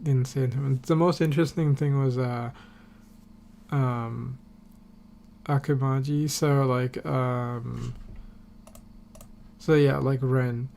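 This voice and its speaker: Gravelly, rambling podcast host guy. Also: medium pitch, a little mellow. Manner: rambling, filler-heavy, swears casually. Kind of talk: casual episode recap.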